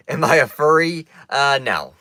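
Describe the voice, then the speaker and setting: A man from Kansas talks slowly and loosely to his stream chat, teasing them and wandering between topics with plenty of ums. His voice is bright and forward. The sound is dry and close, with no room echo. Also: mid-range voice. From Kansas, United States. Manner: playful, teasing, rambling with many fillers. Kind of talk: casual chat answering a live chat. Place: indoor room with stuffed animals.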